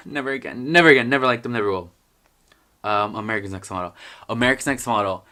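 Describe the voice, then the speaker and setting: Young male vlogger, mid-pitch, casual and profane, prone to loud bursts. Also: fast. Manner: profane, filler-heavy, swings to loud outbursts. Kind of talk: casual vlog rant.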